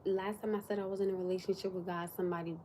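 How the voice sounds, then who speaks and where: Chatty woman with a mellow voice. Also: medium pitch, very fast, slight background noise. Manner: animated, drops to whispers for emphasis. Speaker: livestream host. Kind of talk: casual livestream chat.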